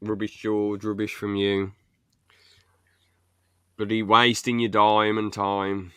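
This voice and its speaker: A young man hosting a podcast in casual chat, animated and blunt, laughing often. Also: fairly low pitch, slow pace, clear, resonant tone, no echo. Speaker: podcast host.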